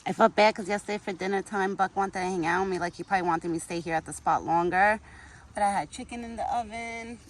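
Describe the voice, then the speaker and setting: A woman's voice: medium pitch, fast. A woman vlogging outdoors in a yard, chatting casually and baby-talking to a deer she feeds. She grew up speaking Italian. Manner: coos and baby-talks to the animals. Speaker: vlogger feeding a wild deer. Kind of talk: casual outdoor vlog chat.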